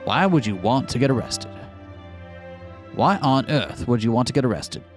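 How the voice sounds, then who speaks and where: A man's voice: medium pitch, lively intonation, moderate pace, soft background music, close to an everyday voice. A man voicing a stern male bird defense attorney in a game, with formal, bluffing legal talk. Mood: probing.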